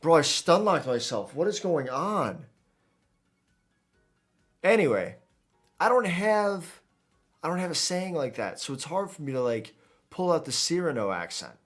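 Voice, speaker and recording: A man's voice: a little high, big pitch swings, moderate pace, pauses often, soft background music. A man streaming a video game, chatting casually in a rambling, jokey way and often tripping over his words. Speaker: gaming streamer. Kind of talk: casual let's-play commentary.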